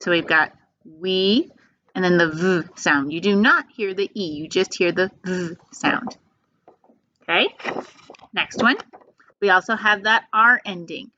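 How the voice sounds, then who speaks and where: Slow, patient woman teaching phonics. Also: on the low side, pushed and bright. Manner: slow, patient, drawn-out sounds. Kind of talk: phonics lesson for young children. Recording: dull lo-fi sound.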